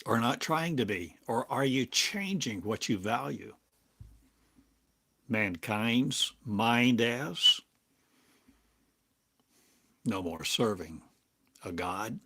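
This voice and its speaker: An older man giving a slow, halting spiritual monologue as a teacher, speaking in drawn-out phrases with long pauses. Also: mid-range voice, animated, creaky, pushed and bright, slightly rough. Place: home in a small town, drinking coffee.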